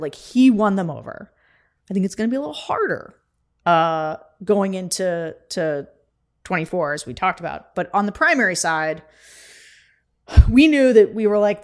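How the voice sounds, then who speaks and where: Lower-voiced woman, animated podcast talk. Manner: fast, animated, laughing often. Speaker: podcast co-host. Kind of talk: casual conversation.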